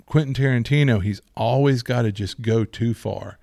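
A man chatting casually about movies, rambling and animated with many restarts. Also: mid-range voice, normal speed, gravelly, no echo, studio quality.

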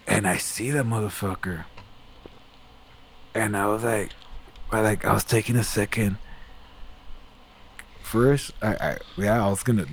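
A man with a fairly low voice tells a long story casually and without hurry, pausing often, with a little hiss or hum on the recording. He rambles and swears a lot, growing animated as he gets worked up in the retelling.

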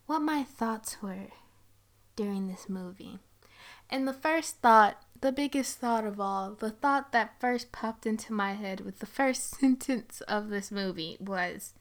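A young woman giving a casual movie review, chatty and sarcastic, with frequent giggles and rambling asides. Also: fairly high pitch.

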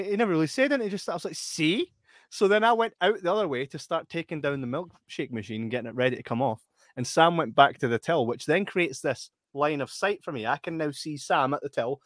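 A man's voice: high voice, no echo, clean studio sound. A Scottish man chatting casually and telling funny stories with lots of laughter and acted-out voices. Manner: animated, laughing storyteller. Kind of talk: casual chat and storytelling.

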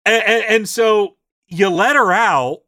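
A man co-hosting a podcast, casually recapping a tabletop game session and acting out the characters' lines in quick, animated asides. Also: sits high, no echo, clean studio sound. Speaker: podcast co-host.

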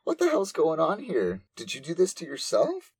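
A man voicing a scheming, defiant female angel android in a low-key quoted delivery, a bit higher than his usual voice. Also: fairly even intonation, moderate pace, no room sound, lightly acted. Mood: alarmed.

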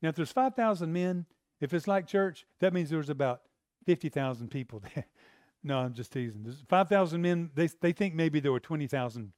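Male preacher, conversational sermon, acts out voices, dry close sound, fairly high voice. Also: dry recording. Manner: conversational, acts out voices, rising to loud emphasis.

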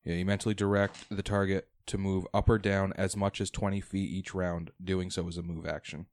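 A man with a fairly low voice runs a tabletop game as game master. He explains the rules step by step and thinks aloud as he goes. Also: flat delivery, a little fast.

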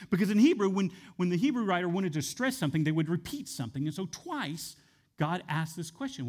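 A man preaching a sermon, animated, repeating phrases with shifting emphasis. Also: high-pitched, a little fast. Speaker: pastor.

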